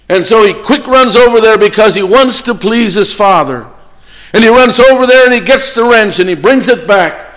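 A man's voice: high voice, animated, normal speed, fairly bright tone, in a large hall. A man preaching a sermon to an evening congregation, earnest and pleading, often restarting and repeating his phrases. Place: church meeting hall before an evening congregation.

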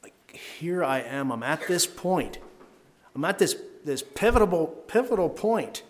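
In a sing-song, unhurried manner, a man leads a devotional Bible talk, reading scripture aloud and earnestly discussing it. He lifts his pitch and volume to stress the key verses.

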